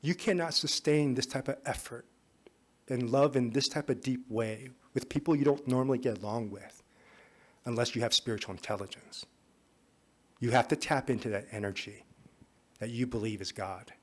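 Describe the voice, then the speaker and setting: Speaking at a conference in a conference hall, a man shares a personal story at a moderate pace, sounding relaxed and conversational. His pitch is ordinary and mid-range, though at times he lowers it into a hushed, confiding tone.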